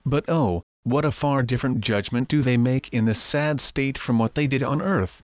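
A man voicing a solemn male guardian angel who explains things in a grave, measured way, recorded dry and close. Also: mid-range voice, dry recording, lightly acted.

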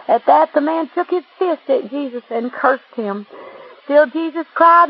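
A woman's voice: high voice, a little slow. A woman narrating a religious testimony in an earnest, imploring way. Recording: dull lo-fi recording.

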